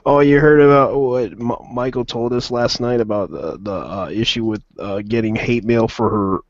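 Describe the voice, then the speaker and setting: A man's voice: mid-range voice, normal speed, dry recording, muffled recording. A man hosting a casual opinion stream, rambling with frequent restarts.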